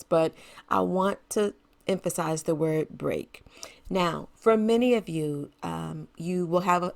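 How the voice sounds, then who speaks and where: A woman's voice: lowish voice, creaky, a little mellow. A middle-aged woman hosting her own podcast, talking casually and encouragingly to parents and laughing often. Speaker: podcast host. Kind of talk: casual solo podcast talk.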